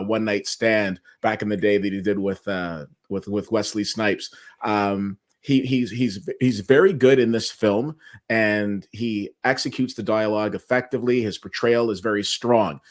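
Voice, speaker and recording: A man hosting a casual awards-preview talk show, steering the chat and reading out the nominees. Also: fairly low pitch. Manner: conversational, steers the segment and reads out nominees. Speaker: show host.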